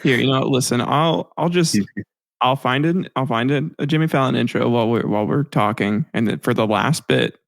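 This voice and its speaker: A young man co-hosting a podcast in casual banter, lively and quick to laugh. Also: mid-range voice, gravelly, no echo. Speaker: podcast co-host.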